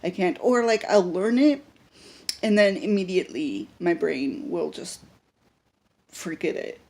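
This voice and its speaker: A woman's voice: lowish voice, lively intonation, a little slow, gravelly, darkish tone. A young woman talking unscripted to a handheld camera in a personal vlog, rambling with lots of fillers and restarts. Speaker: vlogger.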